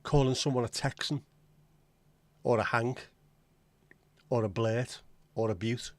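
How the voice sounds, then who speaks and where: A man's voice: mid-range voice, fairly even intonation, a little slow, no room sound. A man with a Liverpool accent hosting a casual livestream chat, joking, swearing freely and greeting viewers by name. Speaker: livestream host.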